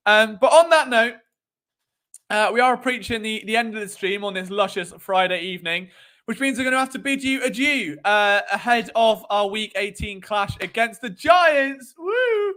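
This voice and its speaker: A man's voice: sits high, moderate pace, bright, forceful tone. A young man hosting a live sports stream, rambling and playful with lots of fillers. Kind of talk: casual live-stream chat.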